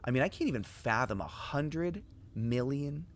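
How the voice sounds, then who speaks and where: A man's voice: lively intonation, moderate pace, a little hiss or hum. A man hosting a podcast, talking enthusiastically and acting out quotes. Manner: enthusiastic, acts out quotes with jumps in pitch. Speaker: podcast host. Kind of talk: casual chat.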